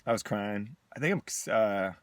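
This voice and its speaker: Man, deep low voice, dry close sound, reflective, halting, video diary. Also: no echo. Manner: reflective and halting, with many pauses. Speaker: vlogger. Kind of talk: candid personal video diary.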